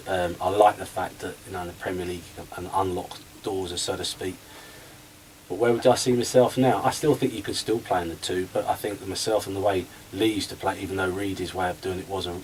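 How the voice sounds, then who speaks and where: A man's voice: sits low, far from the mic, slight background noise, low-quality recording. A man who used to play football, talking as a guest on a radio show and acting out conversations as he tells stories. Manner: animated storyteller, acts out conversations. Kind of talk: radio interview chat.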